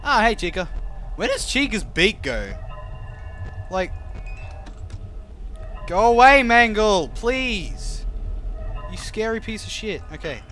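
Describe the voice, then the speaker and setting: A man's voice: high voice, sing-song, takes it slowly, long pauses, pushed and bright, faint music behind. Jumpy, swearing man gaming. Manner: jumpy, swearing, nervous laughter. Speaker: let's play gamer. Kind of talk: reacting while playing a horror game.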